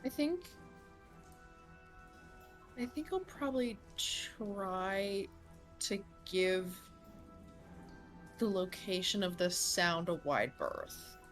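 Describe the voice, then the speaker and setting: A woman with a mid-range voice plays in a tabletop game, speaking casually and a little tentatively. She pauses on ums as she thinks through her moves. Faint music sits in the background. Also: mid-range voice, lively intonation, a bit bright. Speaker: player.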